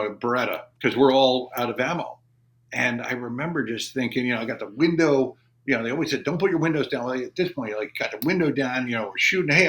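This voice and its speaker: A man's voice: medium pitch, fairly bright tone. A middle-aged man, a former Army Ranger, telling a war story in an interview, rambling with many restarts and swearing. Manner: profane, intense retelling.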